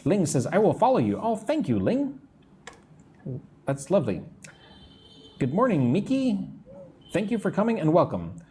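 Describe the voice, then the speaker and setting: A middle-aged American man teaching English on a live stream, answering chat comments and slowly modelling phrases for listeners to repeat. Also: high-pitched, huge pitch swings, dark tone, slight background noise. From United States. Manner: slow, careful modelling of phrases for repetition. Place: room in Vietnam.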